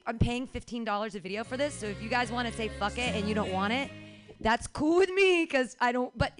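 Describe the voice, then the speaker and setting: A woman hosts a comedy show in a small bar venue. She speaks to the audience casually and quickly, rambling and talking over herself. Her voice sits slightly high. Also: a bit bright. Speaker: show host. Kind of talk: casual address to a live audience.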